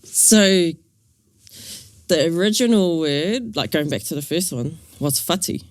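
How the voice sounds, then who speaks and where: Nz woman thinking out loud as a learner, dry close sound. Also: on the low side, expressive, measured pace, no room sound. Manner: thoughtful, working things out aloud.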